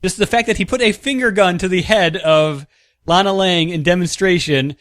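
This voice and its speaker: A man's voice: high voice, moderate pace, fairly bright tone, no echo. A man co-hosting a casual podcast, recapping stories with dry, wry humor. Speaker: podcast co-host.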